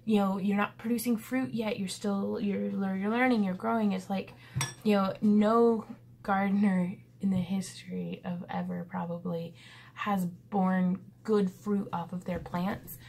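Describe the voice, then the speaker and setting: A woman's voice: medium pitch, steady tone, measured pace, gravelly, a little mellow, a little hiss or hum. A woman in her thirties talking to her viewers in a casual, reflective vlog, earnest and rambling with lots of fillers. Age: 30s. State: pensive. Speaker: vlogger.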